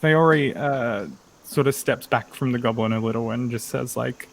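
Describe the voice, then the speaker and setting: A man's voice: medium pitch, normal speed, a little hiss or hum. A man describing his character's actions in a tabletop game, rambling with lots of fillers. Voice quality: rambling, filler-heavy, laughing. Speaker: player.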